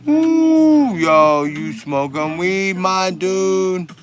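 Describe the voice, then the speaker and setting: A man's voice: fairly high pitch, measured pace, music in the background. A man hosting a casual livestream, profane and mocking as he answers chat, stoned and tired. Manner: profane, mocking, shouts at chatters. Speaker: livestream host.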